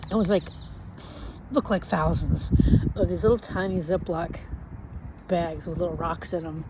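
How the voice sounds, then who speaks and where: A woman's voice: lowish voice, normal speed, slight background noise, low-quality recording. A woman telling a casual anecdote, acting out the voices of the people in it. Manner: animated, acts out quoted voices. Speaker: storyteller.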